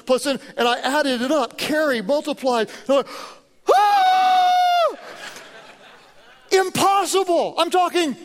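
Pastor, male, very high voice, energetic storytelling sermon with jokes, long hall reverb. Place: large church auditorium.

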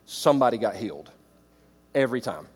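A middle-aged man preaching to church leaders, animated, swinging between loud exclamations and quiet reflective stretches. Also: mid-range voice, brisk, breathy edge. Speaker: pastor. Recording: reverberant hall.

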